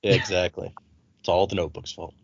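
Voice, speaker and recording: A man's voice: sits low, fast talker, slightly rough, no echo, muffled recording. A man co-hosting a casual book discussion podcast, retelling scenes and acting out quotes. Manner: animated retelling, reads quotes in put-on voices. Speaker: podcast co-host.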